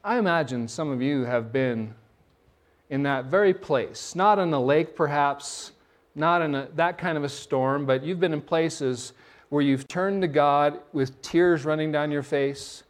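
A middle-aged man preaching a sermon, his voice sitting a little high for a man. He tells stories with energy and often stumbles into restarts and repeated words as he goes. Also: a little slow. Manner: animated storytelling with frequent restarts and repeated words. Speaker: pastor.

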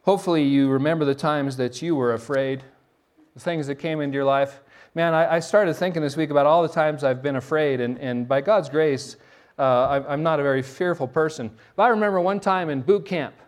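A middle-aged man, a pastor, preaching a sermon in an animated storytelling way, often restarting and repeating words. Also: a little high, a little fast.

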